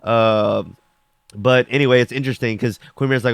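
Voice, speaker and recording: A man's voice: mid-range voice, steady tone, normal speed, smooth, dry recording. Rambling casual man reviewing an episode. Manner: rambling, filler-heavy with frequent "like"; acts out characters' lines while recapping.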